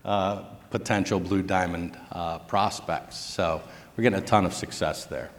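Man, low voice, hesitant, lots of fillers, panel guest, long reverb. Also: steady tone, a little slow. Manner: hesitant, full of "uh" and "you know". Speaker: business development director, panel guest. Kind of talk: casual panel talk.

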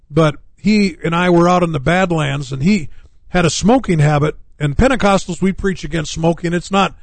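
A man's voice: a little high, vocal fry, no room sound. A middle-aged male pastor preaching on a radio talk show, rambling with many fillers and restarts.

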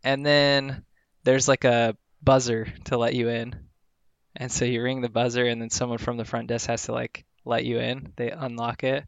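A man chats casually, telling a rambling anecdote packed with filler words. His voice is smooth and resonant. The recording is dry and close, with no room sound. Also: mid-range voice, level tone, moderate pace, no echo. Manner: rambling storytelling with frequent "like" fillers. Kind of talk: casual chat.

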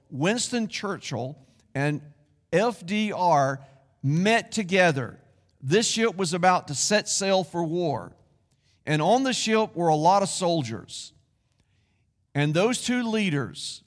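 Man, pastor, sermon, conversational, folksy asides, echoing sanctuary. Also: high-pitched. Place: church sanctuary.

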